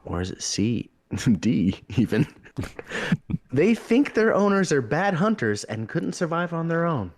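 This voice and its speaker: A man's voice: a little high, unhurried. A man hosting a casual trivia round, reading out questions and joking with players. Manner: joking, laughs often, animated delivery. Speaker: quiz host.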